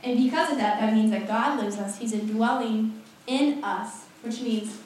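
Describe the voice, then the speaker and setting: A young woman delivers a relaxed, lively sermon full of chatty asides and frequent laughter. Her voice sits a little high and comes from some distance away, through the booming echo of a large hall. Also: normal speed, a little hiss or hum. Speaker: preacher. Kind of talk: casual sermon. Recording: echoey hall, voice from far off.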